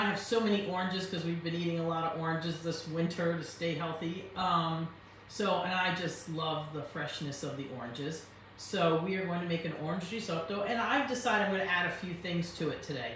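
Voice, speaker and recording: A woman's voice: lowish voice, fairly bright tone, slight background noise. Chatty woman cooking in an echoey kitchen. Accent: Italian-tinged English. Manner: chatty, rambling, explains as she cooks. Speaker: home cooking show host. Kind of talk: casual cooking demonstration. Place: home kitchen. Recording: very echoey kitchen, distant mic.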